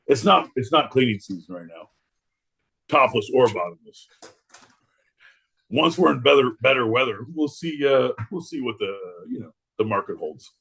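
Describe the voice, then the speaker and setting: A man's voice: mid-range voice, expressive, moderate pace, vocal fry, fairly bright tone, breathy edge. Guy on a podcast just riffing, crude jokes, rambles and laughs. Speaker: podcast co-host. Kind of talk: casual joking banter.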